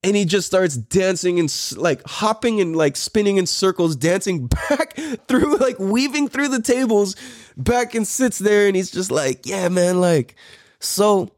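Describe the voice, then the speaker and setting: A man's voice: sits high, expressive, measured pace, no echo. Man in his thirties, podcast host, rambling casual storytelling, dry close sound. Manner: rambling, profane, many fillers like "like" and "dude".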